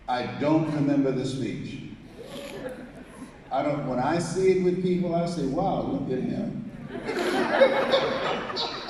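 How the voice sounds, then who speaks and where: Slow, booming motivational speaker in an echoey hall. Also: male voice, warm tone, slight background noise. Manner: storytelling, acts out dialogue, calls on audience to repeat. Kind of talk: live motivational speech. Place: large hall with audience. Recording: echoey hall, mic from far off.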